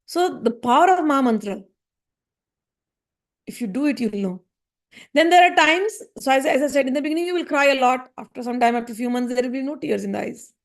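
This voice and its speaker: A woman giving a spiritual discourse, earnest and gently reassuring, repeating her points. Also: high voice, brisk. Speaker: spiritual teacher.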